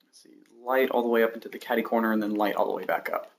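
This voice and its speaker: This man's lowish, gravelly voice races along very fast as he streams a game build. He rambles to viewers with self-deprecating remarks and counts blocks aloud, and the poor audio carries a little hiss or hum plus constant mouse and keyboard clicks.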